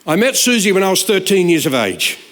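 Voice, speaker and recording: Guest preacher, sixties, high voice, animated joking delivery that jumps into shouted punchlines. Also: male voice, brisk. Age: 60s. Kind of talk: humorous sermon storytelling.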